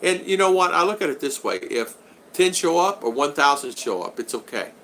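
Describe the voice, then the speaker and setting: A man's voice: a little high, big pitch swings, moderate pace, pushed and bright, a little hiss or hum, low-quality recording. Chatty rambling man on a home live stream. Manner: rambling, chatty, greets viewers by name. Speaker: vlogger hosting a live stream. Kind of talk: casual live-stream chat reading comments. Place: home in the Philippines.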